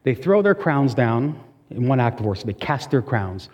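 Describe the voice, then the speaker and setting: A male pastor delivers his sermon in a conversational, emphatic way, with quick asides to the congregation. His voice is mellow and slightly husky. It rings out with a long reverb, as in a church sanctuary. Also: medium pitch, sing-song, highs cut off.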